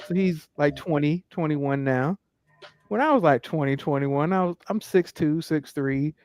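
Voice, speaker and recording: A man in his thirties chatting casually as a podcast co-host, telling stories with lively acted-out asides. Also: fairly high pitch, no echo. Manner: animated storyteller acting out his own inner voice. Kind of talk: casual chat.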